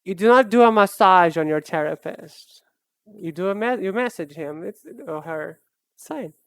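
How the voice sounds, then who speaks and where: Casual art streamer, rambles and laughs at themself; mid-pitched, crisp, dry close sound. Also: normal speed, a bit bright, no echo. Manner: rambling and self-deprecating, with frequent laughs and restarts. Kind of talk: casual live-stream chat while drawing.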